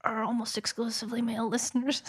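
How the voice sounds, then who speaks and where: A woman co-hosting a casual podcast, chatty and joking with quick asides. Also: fairly high pitch, level tone, slightly rough. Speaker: podcast co-host.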